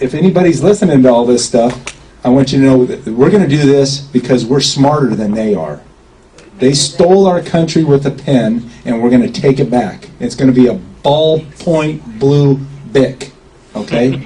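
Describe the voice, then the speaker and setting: A man's voice: mid-range voice, dark tone. A man giving an informal talk to a group standing around, chatty and often checking in with an "okay?". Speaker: speaker at a gathering. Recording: distant mic with faint background noise.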